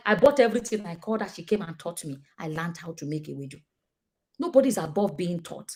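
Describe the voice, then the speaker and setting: A woman's voice: lowish voice, expressive, fast, a little mellow. A woman with a Nigerian accent giving casual, emphatic commentary to her viewers, acting out the people she quotes. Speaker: vlogger.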